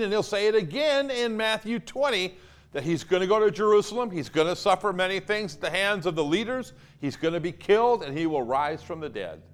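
A male pastor preaching a sermon, emphatic and animated, acting out the quotes he tells. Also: high voice.

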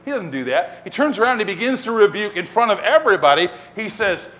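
Preacher guy, high voice, lively storytelling sermon, swoops up and down a lot. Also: fast talker. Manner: animated storytelling, acting out scenes. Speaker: pastor.

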